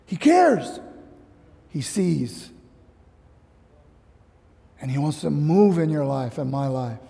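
A man from Hawaii preaching a sermon as pastor, emphatic and animated with casual slang asides, in a church hall. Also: extremely high pitch, vocal fry. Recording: long hall reverb.

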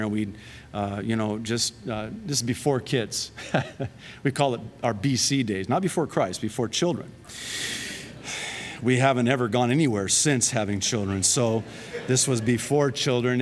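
A man preaching a sermon in a lively, conversational way, often laughing at his own jokes. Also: medium pitch, slight background noise. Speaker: pastor. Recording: long reverb of a large hall.

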